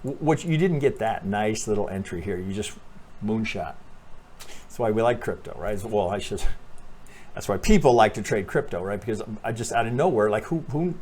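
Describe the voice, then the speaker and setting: A man giving a casual chart walkthrough as a trading analyst, talking animatedly, swearing freely and thinking out loud with lots of restarts. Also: on the low side, lively intonation, normal speed, a little hiss or hum.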